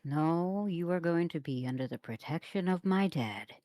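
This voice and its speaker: A woman's voice: lowish voice, expressive, moderate pace, dark tone, dry recording. A woman playing a tabletop game, speaking in a dry, understated way. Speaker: player. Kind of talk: tabletop role-play.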